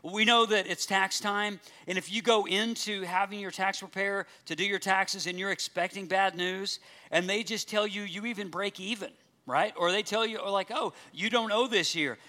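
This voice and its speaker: A man's voice: high-pitched, steady tone, normal speed, pushed and bright. A man preaching a sermon in a joking, conversational way, acting out the audience's reactions. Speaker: pastor.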